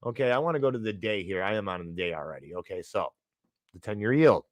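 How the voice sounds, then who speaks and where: A man's voice: lowish voice, lively intonation, fast, no room sound. A man hosting a finance show, ranting heatedly with frequent restarts and apologies. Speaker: podcast host.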